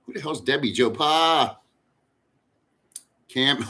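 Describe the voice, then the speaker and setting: A middle-aged man talks loosely to his live chat from his home in the Philippines. His voice is bright and forceful, and he rambles bluntly with plenty of swearing. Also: mid-range voice, slow pace, pauses often. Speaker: livestream host. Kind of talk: casual live chat with viewers.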